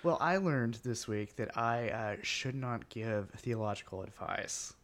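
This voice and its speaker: A man's voice: mid-range voice, expressive, measured pace, a bit bright. A man co-hosting a casual chat podcast, answering with short dry quips. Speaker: podcast co-host.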